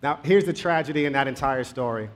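A man preaching a sermon, telling a story conversationally with pace that speeds up and slows down. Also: medium pitch.

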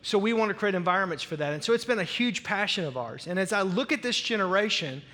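Joking Southern pastor in a reverberant hall. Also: male voice, high voice, expressive, quick pace, bright, forceful tone. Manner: chatty, joking, rambling with restarts. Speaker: senior pastor. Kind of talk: joking sermon welcome. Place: large church auditorium.

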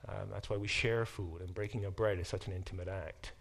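A middle-aged man teaching a class, explaining with lively examples and frequent restarts. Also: low-pitched, brisk, vocal fry. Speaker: professor teaching a Bible class. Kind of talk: classroom lecture.

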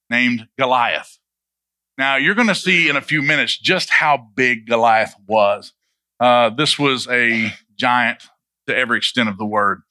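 A man's voice: mid-range voice, sharp tone, dry recording. A male pastor who retells a Bible story in a loose, humorous, conversational sermon and asks his listeners questions.

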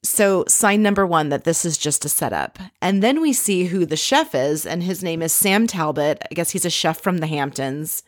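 A woman's voice: fairly low pitch, expressive, normal speed, few pauses, no room sound, studio quality. A woman giving casual commentary on a reality show, blunt and sarcastic. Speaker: reality TV recapper.

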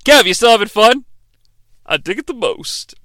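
High, lively American man joking around. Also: normal speed, no echo. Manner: profane, joking, slips into mocking character voices. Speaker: podcast co-host. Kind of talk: casual comedic episode recap.

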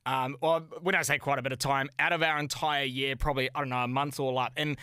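A man with a New Zealand accent hosting a podcast in casual, excitable chat, joking, swearing and laughing often. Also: medium pitch, fast, smooth, dry recording, clean studio sound. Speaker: podcast host.

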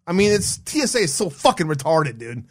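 A man's voice: fairly high pitch, sing-song, brisk. A man hosting a live call-in stream, telling a story in a heated, profane rant full of restarts. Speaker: stream host taking callers. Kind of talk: casual ranting storytelling.

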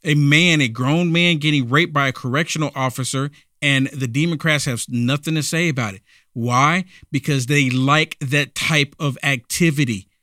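A male show host delivers opinionated commentary with emphatic repetition and rhetorical questions. His voice is bright and a little high, and the sound is dry and close. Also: normal speed, dry recording. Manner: emphatic, repeats lines and asks rhetorical questions.

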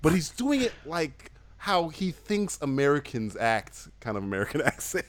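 A man's voice: fairly high pitch, sing-song, moderate pace. A man hosting a podcast in casual chat, rambling and laughing often, restarting his sentences.

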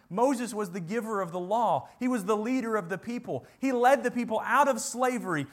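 A man preaching a sermon, earnest, building to emphatic peaks and dropping to quiet asides. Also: high-pitched.

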